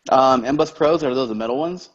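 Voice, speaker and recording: A man's voice: mid-range voice, normal speed. A laid-back man chatting casually in an online voice lobby. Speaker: gamer in voice chat. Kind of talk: casual chat. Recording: dull lo-fi chat audio.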